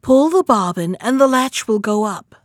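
A woman voicing a sly, wicked, hungry wolf in a storybook reading, sometimes softening her voice. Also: fairly high pitch, very animated, measured pace, dry recording, clean studio sound.

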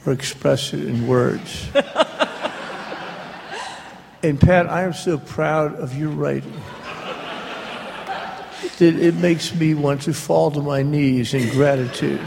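Slow gravelly man telling stories. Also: fairly high pitch, steady tone, background noise. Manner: humorous anecdotal storyteller. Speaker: author speaking on a book tour. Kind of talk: live storytelling talk. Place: stage before a live audience. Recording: long hall reverb.

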